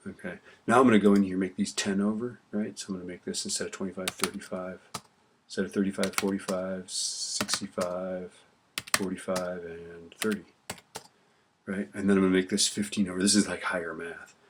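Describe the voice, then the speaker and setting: A man's voice: low voice, flat delivery, a little fast, very noisy. A male teacher casually talking through a spreadsheet lesson while typing, often checking in with "right?". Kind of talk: screen-recorded spreadsheet tutorial. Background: keyboard clicks and typing.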